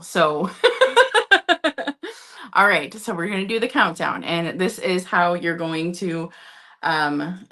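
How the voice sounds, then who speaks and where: A woman's voice: lowish voice, bright, forceful tone. A woman hosting a casual live-stream vintage sale from home, chatty and upbeat, talking to her chat. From Minnesota.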